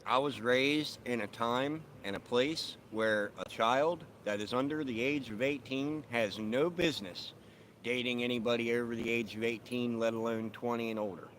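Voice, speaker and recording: A man's voice: mid-range voice, moderate pace, a bit bright, slight background noise. A man live-streaming from his phone while sitting outside at the end of his sidewalk, talking bluntly and with a lot of swearing. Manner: blunt, profane, laughs often. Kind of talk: casual live-stream chat. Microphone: phone camera.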